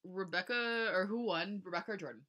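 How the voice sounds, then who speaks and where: A woman's voice: mid-range voice, brisk, bright, forceful tone. A young woman co-hosting a podcast, joking about her old fan fiction and explaining things like a mock lesson. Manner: chatty and joking, explains things in a lecturing tone, laughs at herself. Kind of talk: casual chat.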